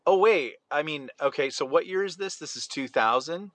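A man's voice: a little high, normal speed, fairly bright tone, no echo. Sarcastic male podcast co-host. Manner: sarcastic, interrupting, mock voices. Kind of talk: casual conspiracy podcast chat.

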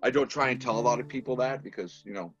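A man from Massachusetts, a filmmaker guest on a casual podcast, telling lively stories and laughing often. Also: mid-range voice, fast. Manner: animated storyteller, laughs often. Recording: slightly dull lo-fi audio with faint music.

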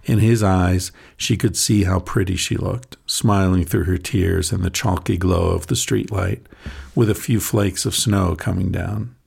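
Low gravelly man narrating a story. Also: fairly even intonation, a little slow, a little mellow. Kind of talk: audiobook narration of a short story.

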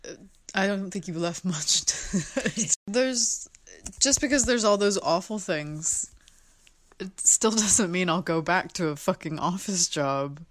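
A woman with a lowish voice speaks as a podcast guest, blunt and wry in casual chat. She swears in passing. The recording is dry and close. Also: slow pace, no room sound. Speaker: podcast guest, shop owner.

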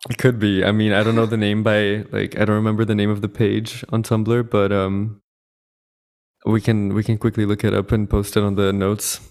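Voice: mid-range voice, flat delivery, normal speed, darkish tone. A podcast co-host in casual chat who laughs often and meanders with fillers.

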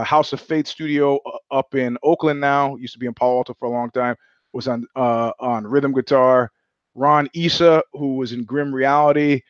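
A man's voice: medium pitch, no echo, highs cut off. A man hosting his own show, answering listener questions and telling blunt, profane stories in a casual monologue. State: sweating. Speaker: podcast host.

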